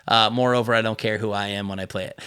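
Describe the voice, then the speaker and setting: Bright, rambling man hosting a podcast. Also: fairly low pitch, steady tone, fast, smooth. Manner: rambling, self-deprecating, laughs often. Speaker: podcast host. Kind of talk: casual conversation.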